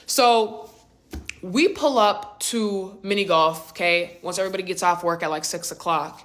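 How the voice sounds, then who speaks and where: Animated young woman telling a story. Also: mid-range voice, normal speed. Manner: animated, slangy, conversational. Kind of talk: casual storytime.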